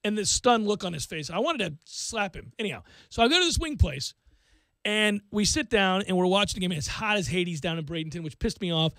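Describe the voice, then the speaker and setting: A middle-aged man with a notably high voice, hosting a sports talk radio show. He tells stories in an animated, ranting way, and his studio mic sounds close and dry. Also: fairly quick, no room sound. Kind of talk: casual sports radio chat. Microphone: studio microphone.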